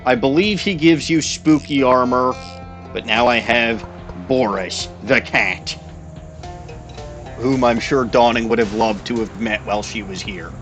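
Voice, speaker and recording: A man's voice: mid-range voice, measured pace, fairly bright tone, soft background music. A man playing a text game, reading its narration aloud with wry, chuckling asides. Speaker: game player.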